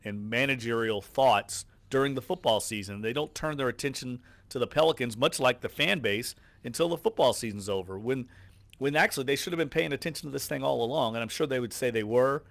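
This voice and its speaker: A man's voice: mid-range voice, a little fast, gravelly, fairly bright tone, no echo. A man with a New Orleans accent co-hosting sports radio, opinionated and exasperated as he argues his points.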